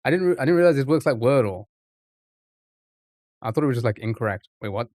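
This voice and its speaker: A man streaming from home, talking through his thoughts in a rambling, repetitive way. He speaks at a mid pitch, and the sound is close and dry with no room echo. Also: animated, fast talker, a little mellow. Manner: rambling, thinks aloud, repeats phrases. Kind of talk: casual live-stream chat.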